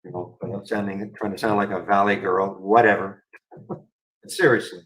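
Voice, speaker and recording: Brief: male host, lowish voice, rambling and dry, live stock-trading commentary. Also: steady tone, moderate pace, fairly bright tone, poor audio. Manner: rambling, wry, talks to chat viewers.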